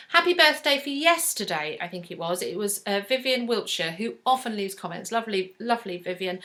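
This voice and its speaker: A woman's voice: fairly high pitch, a bit bright. A woman in her forties from South East England, with a Southern English accent and a slight northern inflection, chatting effusively to camera as a book vlogger. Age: 40s. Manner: chatty and effusive, with fillers and restarts. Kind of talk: casual chat to camera.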